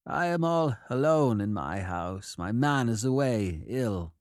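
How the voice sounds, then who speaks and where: A cool, inscrutable professor, as a male reader puts him on, measured and curt. The reading sounds dry and close, with his delivery slow and even. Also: medium pitch, dry recording, natural voice. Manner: level, curt, unhurried.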